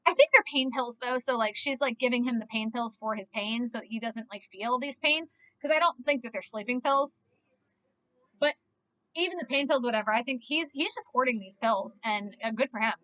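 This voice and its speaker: A woman's voice: on the high side, fairly quick, pushed and bright. A young woman rambling through a casual movie reaction, filling her talk with "like" and swearing freely. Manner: rambling, heavy use of "like", frequent swearing.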